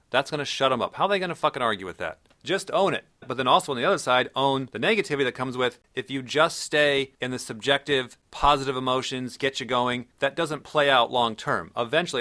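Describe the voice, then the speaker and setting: Fast-talking blunt man lecturing casually. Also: medium pitch, pushed and bright. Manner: blunt and profane, acts out quoted people. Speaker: personality typing instructor.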